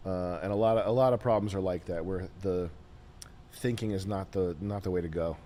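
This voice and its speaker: A man hosting a show, giving blunt, rambling advice with halting fillers and swearing. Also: low voice, fairly even intonation, warm tone, slight background noise. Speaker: host. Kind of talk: casual advice talk.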